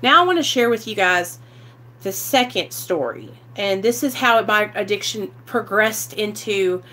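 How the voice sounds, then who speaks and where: Woman vlogging her recovery story, bright voice, swears a lot, does everyone's voices. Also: medium pitch, measured pace. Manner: animated, acts out quotes, swears freely. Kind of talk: candid storytelling to camera.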